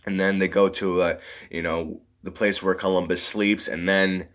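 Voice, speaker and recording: A man's voice: low-pitched, flat delivery, normal speed, a bit bright. A man reviewing a movie in a casual, rambling way, full of fillers and often giggling.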